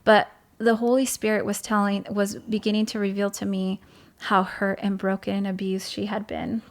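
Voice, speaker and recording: Woman, teaching pastor, guest at home; earnest, filler-heavy storytelling, even middle pitch. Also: moderate pace. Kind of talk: casual chat, personal testimony.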